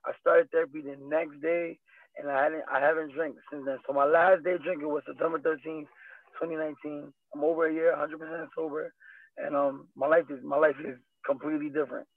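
Young male guest, earnest and rambling, pitched slightly high, dry tinny phone line. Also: little pitch movement, fairly quick, no echo. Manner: earnest, rambling, repeats himself. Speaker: interview guest, fighter. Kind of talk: candid personal interview.

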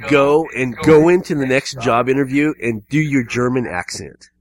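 A man's voice: medium pitch, normal speed, rough recording. A man hosting a casual podcast, playfully running a mock job interview and laughing often. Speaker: podcast host. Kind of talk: casual chat.

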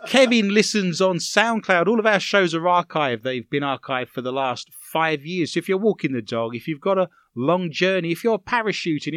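A man's voice: a little high, a bit bright, no echo. A man with a Romford English accent hosting a comedy radio show in a studio, joking as he reads out listener messages. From England.

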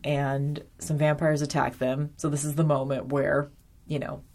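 A woman's voice: sits low, flat delivery, measured pace, a little mellow. A woman recapping a TV episode in a chatty, casual way, full of ums and wry asides. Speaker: episode reviewer.

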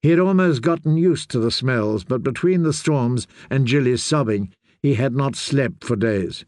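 A man reading a novel aloud as a steady, measured audiobook narrator. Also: mid-range voice, no room sound, studio quality. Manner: slow, steady storytelling. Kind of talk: scripted narration.

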